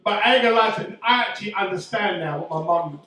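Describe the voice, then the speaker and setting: A middle-aged man doing stand-up comedy, loud and swearing as he teases the crowd. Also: high-pitched, fast, far from the mic. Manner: loud, swearing, teasing banter. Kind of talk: stand-up comedy with audience banter. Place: indoor comedy venue. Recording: echoey room, voice from afar, faint noise.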